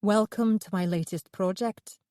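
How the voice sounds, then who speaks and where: A woman's voice: medium pitch, fairly even intonation, unhurried, warm tone, no room sound, clean studio sound, close to an everyday voice. A woman voicing a bitter, menacing male artist in an audiobook, congenial on the surface and snarling underneath.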